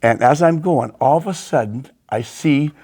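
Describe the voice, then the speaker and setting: A gravelly-voiced man hosts a podcast and tells lively stories with sound effects. He has a middle-pitched voice with a rough fry at the edges, and his delivery is casual and animated. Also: moderate pace. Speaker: podcast host. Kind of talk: casual storytelling.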